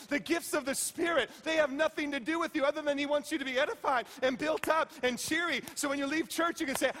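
A middle-aged pastor with a very high voice delivers a sermon in a reverberant church hall. He is playful and emphatic, sinking to near hushes and then climbing into shouts. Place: church sanctuary.

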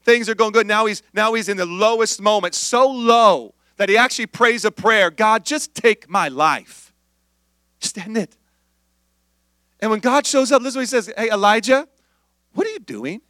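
A male pastor preaching an animated sermon, acting out voices and dropping to near-whispers. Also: sits high, fairly quick, no echo, clean studio sound.

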